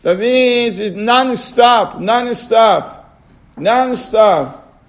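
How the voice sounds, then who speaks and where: Man, religious teacher, high-pitched voice, gravelly edge, casual lecture, rhetorical questions, repeats himself. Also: extremely slow. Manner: keeps asking rhetorical questions and repeating words; checks on listeners with short asides. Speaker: Torah teacher.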